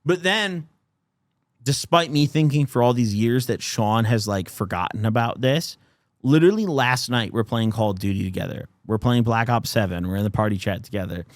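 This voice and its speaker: A man's voice: mid-range voice, normal speed, no echo, studio quality. A young man hosting a podcast, telling a story in casual chat and animatedly acting out the people in it. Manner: animated, acts out quotes with swearing. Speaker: podcast host.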